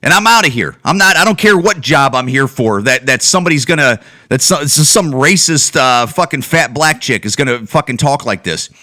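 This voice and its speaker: Animated ranting man, podcast host. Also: medium pitch, normal speed, few pauses. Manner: heated, profane, with many restarts and repeated words. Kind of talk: ranting solo podcast commentary.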